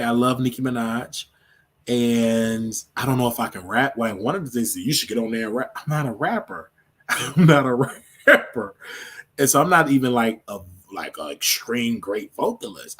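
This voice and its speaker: A man's voice: medium pitch, expressive, brisk. A man hosting his own show, chatting casually and rambling on a livestream, laughing often. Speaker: show host.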